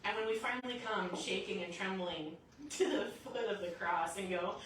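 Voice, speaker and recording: A woman preaching a sermon in a lively storytelling way, acting out the voices in her stories. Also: mid-range voice, moderate pace, slight background noise. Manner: lively storytelling, acts out quotes. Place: church sanctuary. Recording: echoey church hall from a distance.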